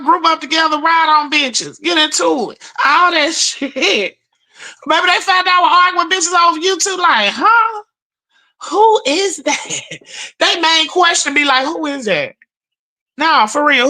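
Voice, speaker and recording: Animated bright-voiced woman streamer. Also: sits high. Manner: profane, animated storytelling with chat shout-outs. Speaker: livestream host. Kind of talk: casual livestream chat.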